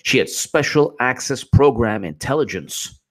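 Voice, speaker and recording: A man's voice: mid-range voice, lively intonation, a little slow, a bit bright. Sarcastic, exasperated male commentator. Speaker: political commentary host. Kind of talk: off-the-cuff political commentary.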